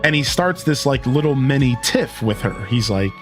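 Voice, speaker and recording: A man's voice: mid-range voice, lively intonation, moderate pace, over music. A young man streaming a game, chatting casually and retelling a story with lots of fillers. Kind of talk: casual chat while playing.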